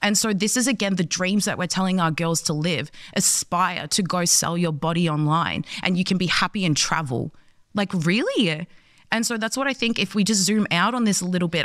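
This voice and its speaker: A woman's voice: lowish voice, dry recording. Young woman, passionate, storytelling, dry recording. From Australia. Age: 20s. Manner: earnest, animated, acts out quoted voices. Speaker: guest.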